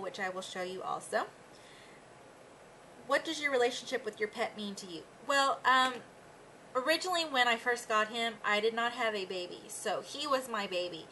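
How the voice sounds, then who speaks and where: Chatty young woman with a bright voice. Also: a little hiss or hum, low-quality recording. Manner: chatty, with high baby talk to her dogs. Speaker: pet vlogger. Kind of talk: casual chat, reading tag questions aloud.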